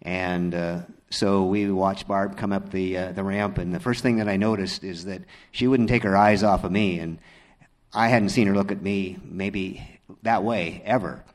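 Middle-aged man, very deep voice, halting sincere testimony. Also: fairly even intonation. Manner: halting, filler-heavy, sincere. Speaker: testimony speaker. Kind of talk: personal testimony storytelling.

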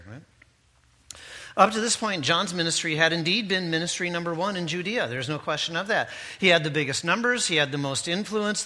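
Bright, conversational male preacher. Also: fairly high pitch. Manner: conversational, with asides and tag questions. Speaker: pastor. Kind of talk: sermon.

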